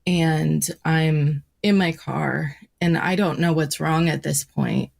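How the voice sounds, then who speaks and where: Slow, gravelly-voiced woman telling a story. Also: deep voice, fairly even intonation, darkish tone. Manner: halting, reflective, with pauses and restarts. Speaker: podcast host. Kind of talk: personal storytelling on a podcast.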